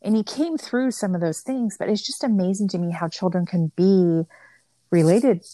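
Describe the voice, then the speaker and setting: A woman's voice: fairly low pitch, moderate pace, warm tone, no room sound. Chatty middle-aged woman telling family stories. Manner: chatty, storytelling with many "like" fillers. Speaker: guest mother. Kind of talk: casual conversation.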